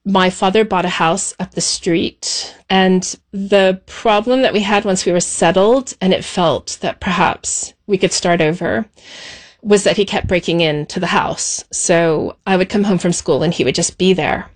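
Woman in an interview telling her childhood story, calm measured voice, soft pauses. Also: fairly low pitch. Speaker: interview guest. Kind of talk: personal recollection.

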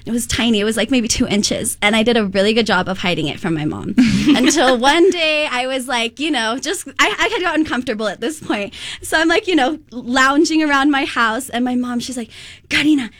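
Bubbly lady host, high voice, chatty, dry room sound. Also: animated, fairly quick, fairly bright tone, no room sound. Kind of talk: casual group chat.

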